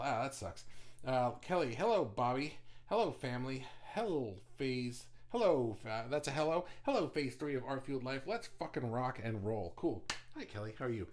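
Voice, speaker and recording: Male livestream host, casual and rambling, fast talker, mid-pitched voice, loose and profane. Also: lively intonation, a bit bright. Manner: rambling, chatty, with many restarts and swearing; talks fast.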